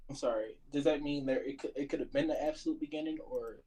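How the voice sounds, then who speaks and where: A man's voice: on the high side, quick pace, warm tone, poor audio. Hesitant, apologetic caller, a man. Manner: hesitant and apologetic, searching for words. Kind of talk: casual call-in debate.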